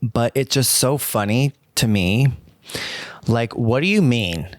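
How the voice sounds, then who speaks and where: A man co-hosting a podcast, chatting casually and telling stories quickly with lots of fillers. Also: mid-range voice, animated, dry recording. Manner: quick, loose storytelling with many fillers. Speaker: podcast co-host. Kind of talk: casual chat.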